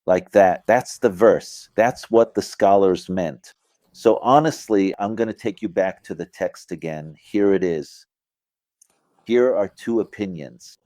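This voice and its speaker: A man's voice: fairly low pitch, dark tone, dry recording. A middle-aged man giving an informal religious lesson, talking conversationally, checking in with listeners and acting out phrasings with emphasis. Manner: conversational, asks listeners "you get it?"; acts out phrasings with vocal emphasis. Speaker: religious teacher. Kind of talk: informal explanatory lecture.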